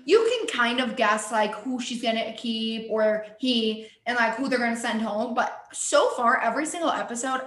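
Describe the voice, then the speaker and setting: A woman's voice: on the high side, reverberant. A young woman co-hosting a podcast in casual chat, talking chattily with many "like" fillers. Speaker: podcast co-host.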